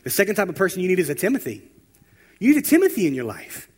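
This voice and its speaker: A man preaching a sermon, telling stories and building to loud, emphatic exhortation. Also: high voice, huge pitch swings, racing, husky. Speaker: pastor.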